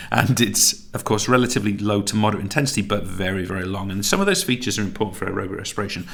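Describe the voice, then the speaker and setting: A man's voice: lowish voice, animated, quick pace, creaky, a bit bright. A man teaching a recorded tutorial lesson, chatty and self-correcting, laughing at his own slips.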